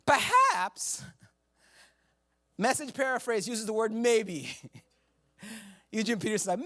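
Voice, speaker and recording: In a church sanctuary, a pastor delivers a humorous, conversational sermon, joking and laughing at himself between scripture readings. His high voice swings widely in pitch and sounds pushed and bright, and he takes his time with long pauses.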